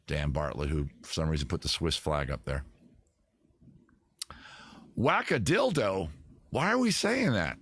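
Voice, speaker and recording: A lowish-voiced man hosting a loose livestream from his computer at home. He rambles, reads out chat and fakes outrage at his viewers. The sound is dry and close, with no room around it. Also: a bit bright, dry recording. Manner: rambling, mock-indignant banter with chat. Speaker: livestream host. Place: home setup at a computer with several monitors.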